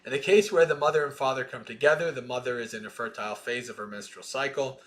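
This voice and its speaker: A man reading a Buddhist scripture aloud in a slow, measured way, with plain explaining asides between passages. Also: mid-range voice. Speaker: Dhamma reader.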